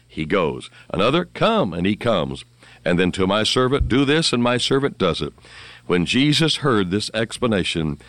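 Male radio preacher, low voice, fervent and rambling, dry close mic. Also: no echo. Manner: rambling, fervent, quotes scripture with rising emphasis. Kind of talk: radio sermon.

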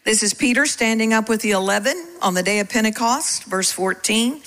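A middle-aged woman preaching a sermon, animated and calling out questions to the congregation. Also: a little high, brisk, hardly any pauses, low-quality recording.

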